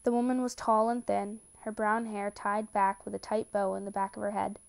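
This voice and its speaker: A woman reading a romance story aloud with steady, calm narration. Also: mid-range voice, moderate pace, creaky. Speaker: reader. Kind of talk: reading fan fiction aloud.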